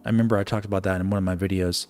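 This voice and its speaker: A man's voice: deep voice, flat delivery, very fast, darkish tone. A man giving casual live commentary as he plays a game, thinking aloud with lots of fillers and restarts. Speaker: gaming streamer. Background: game music.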